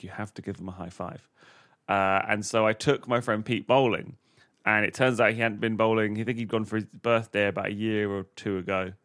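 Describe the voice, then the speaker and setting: Low-voiced man telling a rambling story. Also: fairly bright tone, no echo, studio quality. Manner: rambling storytelling with many uhs. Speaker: podcast game show host and comedian. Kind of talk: casual comedy podcast chat.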